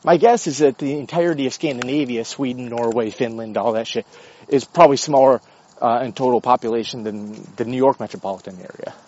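A man's voice: medium pitch, brisk, lo-fi sound. An American man ranting in a casual, blunt and profane way about current affairs. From United States. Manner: profane, blunt, lively and opinionated. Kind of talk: casual rant.

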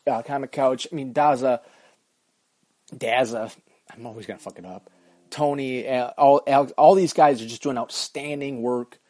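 A man's voice: mid-range voice, a little mellow, no echo. A man hosting his own podcast, rambling through a profane, self-mocking solo rant. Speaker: podcast host.

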